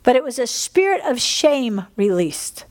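At a church service, a woman delivers a sermon with prayer, preaching and praying fervently to the congregation, repeating phrases and exhaling between lines. Her voice is fairly high and darkish in tone, very animated yet measured in pace.

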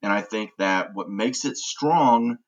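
A man's voice: lowish voice, slow pace, rough recording. A man hosting a casual movie podcast, talking in an opinionated, enthusiastic way with frequent restarts. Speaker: podcast host.

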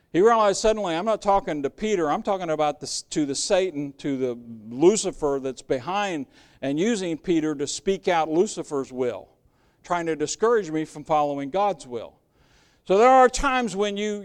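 A man's voice: fairly high pitch, clean tone. A man preaching a sermon in a conversational, earnest way, often restarting his sentences.

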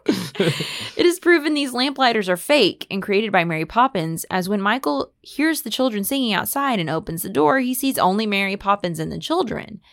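A woman's voice: medium pitch, animated, moderate pace, no room sound, clean studio sound. A woman podcast host reading a fan theory aloud and chatting enthusiastically with her co-hosts.

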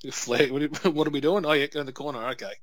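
A man's voice: on the high side, fairly even intonation, no room sound. A man, co-hosting a casual wrestling watch-along and telling anecdotes with acted-out quotes. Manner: storytelling, quick laughs, acts out quotes. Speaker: podcast co-host.

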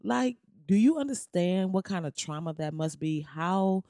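Young woman podcast host, loose comedic rant, slangy and animated, dry close mic. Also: on the low side, a little slow, few pauses, dry recording. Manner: animated, slangy, beatboxes and riffs.

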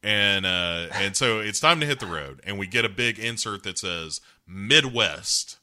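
A man's voice: lowish voice, animated, measured pace, bright, forceful tone. A man co-hosting a podcast, recapping an episode in loose, profane casual chat and laughing often. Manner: loose, profane, laughing, acts out characters in quotes. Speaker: podcast co-host recapping a show.

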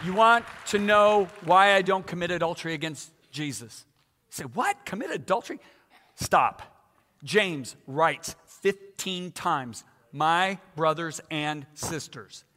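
A man's voice: high voice, animated, unhurried, bright, forceful tone. A man in his sixties preaching a sermon with emphatic, dramatic repetition. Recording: echoey hall.

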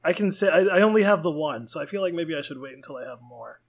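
A man hosting a casual comedy chat, halting and restarting as he talks. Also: fairly high pitch, lively intonation, gravelly. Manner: halting, self-interrupting, laughs often.

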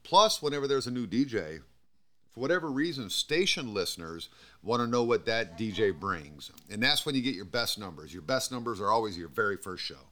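Here the podcast host and radio DJ has a low-leaning, sharp-toned voice with lively intonation, talking a little fast. He tells stories in casual conversation, cursing freely and laughing a lot.

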